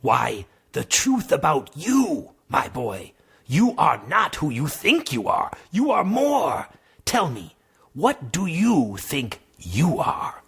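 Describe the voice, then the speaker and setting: A man's voice: on the high side, wildly swooping pitch, slow, gravelly, a bit bright, breathy edge, voice pushed up, exaggerated voice. A man voicing Granlo, a wise old male spirit guide who speaks in lofty, solemn phrases. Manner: solemn, lofty speech that slips into slang.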